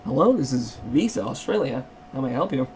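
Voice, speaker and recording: A man playing a calm, polite male phone clerk answering a caller in a customer-service tone. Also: mid-range voice, fairly quick, husky, pitched below the performer's own voice.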